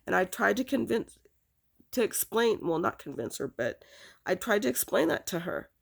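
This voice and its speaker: A woman recounting a painful personal memory, halting, with many fillers and restarts. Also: mid-range voice, sing-song, vocal fry. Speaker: storyteller.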